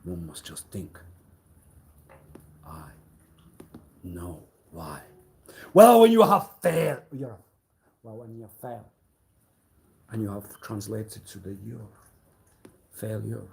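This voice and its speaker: A man delivers a slow, drawn-out mock lecture on a livestream, repeating his scolding lines like a preacher. His voice has a gravelly fry, and he swings from booming declarations down to hushed murmurs. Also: sing-song, a little hiss or hum. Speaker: livestream host.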